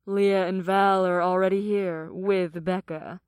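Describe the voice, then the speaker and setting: A man's voice: high-pitched, little pitch movement, smooth, dry recording, clean studio sound, pitched above the performer's own voice. A man voicing a flirtatious female succubus who coos and giggles on a phone call. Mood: flirty. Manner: cooing, giggly, slow.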